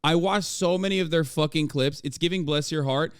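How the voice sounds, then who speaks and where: A man reacting to podcast clips on a livestream, rambling excitedly and swearing freely. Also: on the high side, a little fast, clean tone, no echo, clean studio sound.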